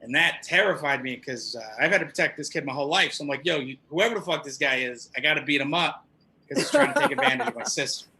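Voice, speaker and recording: A man performs stand-up in a comedy club, spinning loose, profane stories and voicing the characters in them. He talks fast with a slightly high, gravelly, sharp voice and lively intonation. The audio is poor, with slight background noise.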